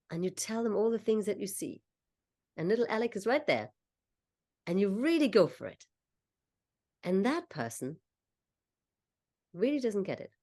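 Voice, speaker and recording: A woman coach leading a slow, soothing guided visualization, talking the listener through each step. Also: mid-range voice, mellow. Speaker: confidence coach.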